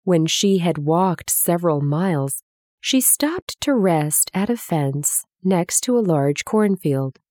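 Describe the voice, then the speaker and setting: A woman reading a children's story aloud in a clear, expressive way. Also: lowish voice, slow pace, dry recording, clean studio sound.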